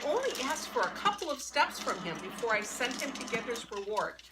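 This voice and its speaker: A woman's voice: sits high, very animated, fairly quick, few pauses. A woman dog trainer talking casually while she works with her dog, explaining as she goes. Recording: distant mic, faint background noise.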